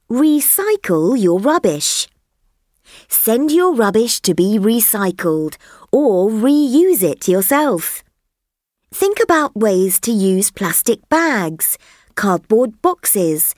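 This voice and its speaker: A woman reading a textbook listening passage and a story aloud for learners, slowly and clearly. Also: mid-range voice, no room sound, studio quality. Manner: slow, clear, lively intonation. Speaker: reader of a textbook listening track. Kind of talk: slow scripted reading for learners.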